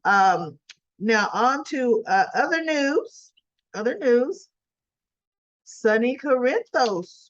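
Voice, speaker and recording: A woman talks through the day's soap opera episode in a relaxed, gossipy way. Her voice is a little high and her pace is unhurried. The recording sounds dull and lo-fi. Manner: chatty, laughs often, acts out characters' lines. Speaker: daily soap opera recap vlogger. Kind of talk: casual chatty episode recap.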